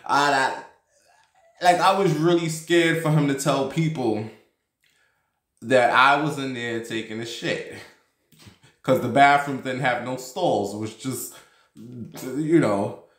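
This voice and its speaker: A man's voice: mid-range voice, takes it slowly, long pauses, fairly bright tone, reverberant. A man in his thirties hosting a vlog, telling a story in a loose, profane, chatty way with lots of fillers. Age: 30s. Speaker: vlog host. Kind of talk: casual storytelling and gossip chat.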